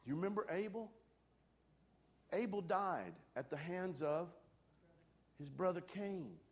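A pastor preaching a sermon to his congregation with emphatic delivery, swinging from loud calls down to hushed near-whispers and asking the room direct questions. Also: high voice, animated, unhurried, husky.

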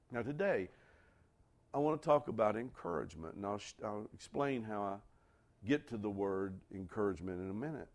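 A man preaching a sermon as pastor, animated and asking his congregation questions. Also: on the low side, fairly quick, creaky. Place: church.

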